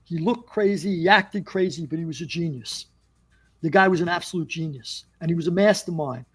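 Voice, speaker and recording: A man with a New York accent recounts a story in a relaxed interview. His voice sits fairly high, and he slips into the voices of the people he quotes. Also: fairly quick, husky. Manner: animated storyteller acting out quoted dialogue. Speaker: former mobster guest.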